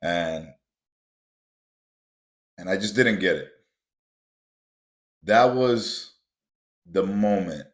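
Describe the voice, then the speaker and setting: A low-voiced man hosts a podcast and tells a motivational story from his own life. He talks casually to his listeners and calls them guys. He builds to emphatic, repeated points, and the room around him echoes. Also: extremely slow, long pauses. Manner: builds to emphatic, repetitive punches. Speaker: podcast host. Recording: roomy echo.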